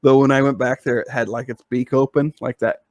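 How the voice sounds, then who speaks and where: A man's voice: medium pitch, steady tone, brisk, a little mellow, no room sound, highs cut off. Male podcast co-host, casual rambling storyteller, dry close-miked sound. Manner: rambling, with many fillers and restarts.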